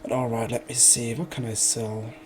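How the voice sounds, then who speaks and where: A man's voice: mid-range voice, little pitch movement, normal speed, darkish tone, a little hiss or hum. A man streaming a video game, joking and thinking aloud as he plays. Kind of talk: casual let's play commentary.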